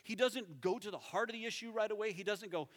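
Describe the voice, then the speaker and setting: A man preaching a sermon as pastor, conversational and animated, dropping to soft tones for emphasis. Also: high voice, fast talker. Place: church sanctuary. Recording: reverberant hall.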